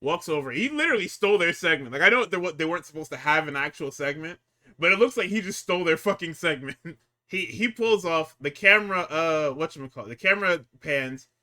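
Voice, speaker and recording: A man co-hosting a casual wrestling podcast, profane and animated, acting out the people he quotes. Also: brisk. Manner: animated, profane, acts out quotes with big pitch jumps. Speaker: podcast co-host.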